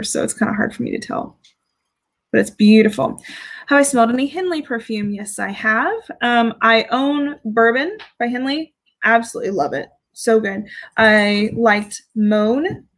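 A woman's voice: a little high, low-quality recording. A woman chatting casually on a live stream as she reviews fragrances, giggling and reading out viewer comments. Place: home with dogs.

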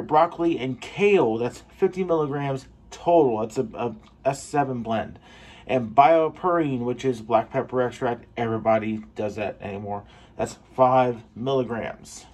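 A man reviewing a pre-workout supplement in a casual taste-test vlog, excitable and swearing for emphasis. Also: mid-range voice. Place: home gym.

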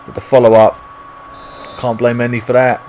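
A British gaming YouTuber commentates live over his own football video game, swearing often and muttering to himself in frustration. His mid-range voice is flat and darkish, moving at a moderate pace, with slight background noise.

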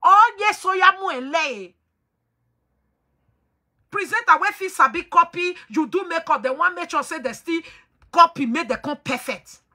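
A woman's voice: extremely high pitch, normal speed, pushed and bright. A woman hosting a talk show, lecturing her listeners in an emphatic, preachy way and slipping into pidgin. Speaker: host.

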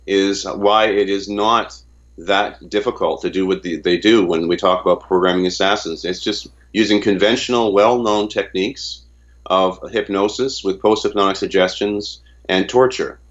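A man's voice: deep voice, fairly bright tone, highs cut off. A man from Canada giving an interview in a casual way, often stumbling and repeating words as he retells conversations. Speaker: interview guest.

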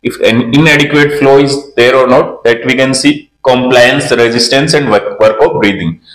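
A man's voice: mid-range voice, normal speed, echoey room, low-quality recording. A man, a neonatologist explaining ventilator graphics step by step and repeating key terms. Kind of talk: slide lecture.

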